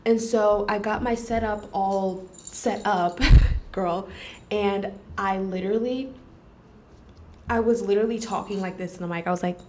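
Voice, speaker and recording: A young woman chats casually as a podcast host, animated and full of laughs and curse words. She speaks at a middle pitch. A faint hum of room noise sits behind her. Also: measured pace. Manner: animated, swearing, laughing, talks to viewers as "girl". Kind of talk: casual storytelling chat. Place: library study room.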